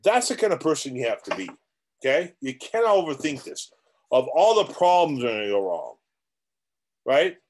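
A man's voice: medium pitch, big pitch swings, normal speed. A man coaching others on real estate in a motivational vlog. He talks straight at the viewer in a blunt, rambling way and often starts his sentences over. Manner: blunt and repetitive, with many restarts.

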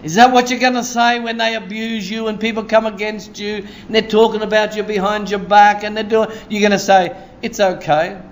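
High-voiced excitable pastor. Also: male voice, a little fast, hardly any pauses, slight background noise. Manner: excitable, exclaims and laughs often; conversational, asks "Hey?" often. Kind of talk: sermon. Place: church.

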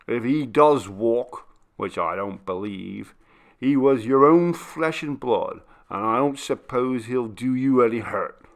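A sour old butler, put on by a male storyteller rails at everyone with loud indignation and contempt. His voice is gravelly and raised above plain speech. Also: medium pitch, lively intonation, slow pace. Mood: indignant, scornful. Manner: scornful and indignant, railing loudly.

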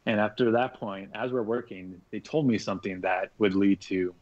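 A man with a lowish voice tells a long story in a relaxed, casual way. He stays animated, acting out what others said and swearing freely. The recording sounds dull and lo-fi. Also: moderate pace. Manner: animated, acts out quoted speech, swears freely. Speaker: podcast guest, artist.

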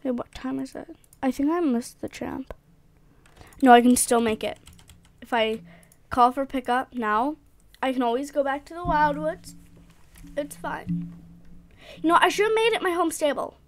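High-voiced young woman chatting over gameplay. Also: moderate pace, long pauses. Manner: chatty, excitable, rambling with fillers. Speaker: gaming vlogger. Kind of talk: casual game commentary.

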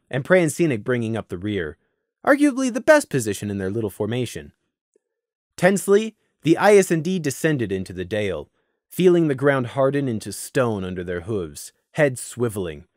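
A man narrating a story in a lively, expressive reading voice. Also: mid-range voice, moderate pace, no echo, clean studio sound. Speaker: audiobook narrator.

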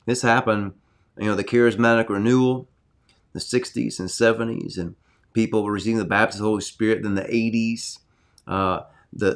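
A middle-aged man with a fairly low voice leads a livestreamed sermon from his home study. He preaches with earnest, excitable energy and moves into prayer. His delivery stays personal and direct. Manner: earnest, excitable preaching, reads prophecy aloud. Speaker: pastor hosting a weekly healing livestream.

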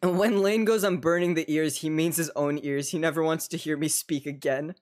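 A young man streaming a game and chatting casually, swearing a lot, giggling and breaking into excited bursts. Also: a little high, fairly quick. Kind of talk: casual gameplay chat.

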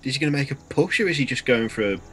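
A man's voice: medium pitch, animated, rapid-fire, sharp tone. A man co-commentating an esports match, dropping dry, wry asides in casual banter.

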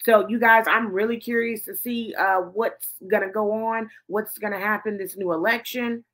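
A woman's voice: mid-range voice, steady tone, normal speed, a bit bright. Profane, fired-up woman host. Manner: profane, heated and emphatic. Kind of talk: ranting news commentary show.

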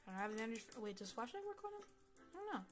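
Excitable cursing woman gaming commentator. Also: fairly high pitch, very fast, faint music behind. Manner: excitable, swears, talks to the game characters. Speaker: gameplay commentator. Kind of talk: casual let's-play commentary.

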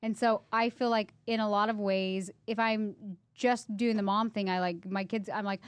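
A woman's voice: mid-range voice, fairly even intonation, normal speed, clean tone, dry recording. A woman in her thirties co-hosting a podcast, telling personal stories in a chatty, emotional way full of fillers. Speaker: podcast co-host. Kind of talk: casual conversation.

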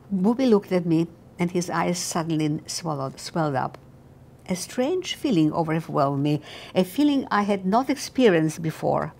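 A woman's voice: on the low side, very animated, normal speed, gravelly, a little mellow. An older woman reading her own memoir aloud in an earnest, heartfelt way. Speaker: memoir author.

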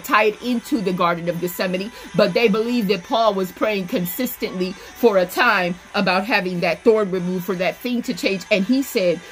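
A woman preaching an online sermon, emphatic and repetitive, calling on listeners by name. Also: mid-range voice.

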